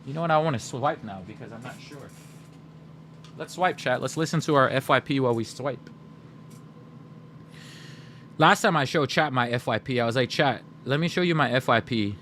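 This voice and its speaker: A man's voice: mid-range voice, normal speed, long pauses, fairly bright tone, slight background noise. Chatty man talking to his stream chat. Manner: chatty, keeps addressing chat, laughs often. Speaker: livestreamer. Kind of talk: casual livestream chat.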